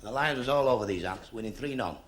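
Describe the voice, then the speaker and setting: A man telling stand-up jokes in quick succession, putting on voices for the characters. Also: mid-range voice, animated. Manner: rapid-fire gags, puts on voices for the characters. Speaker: stand-up comedian. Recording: hissy old TV recording.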